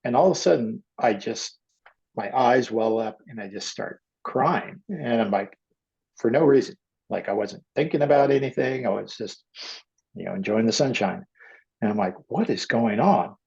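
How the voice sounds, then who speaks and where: A gravelly middle-aged man, a guest artist, telling personal stories in a halting way and acting out the voices he quotes. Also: lowish voice, darkish tone. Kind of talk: emotional personal storytelling. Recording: dull lo-fi audio.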